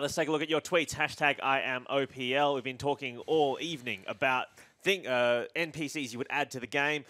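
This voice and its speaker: A man's voice: medium pitch, a bit bright, no room sound, studio quality. A man hosting an esports desk, joking and reading viewer tweets. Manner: jokey, laughs easily, reads tweets. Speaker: desk host. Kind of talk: casual esports desk chat.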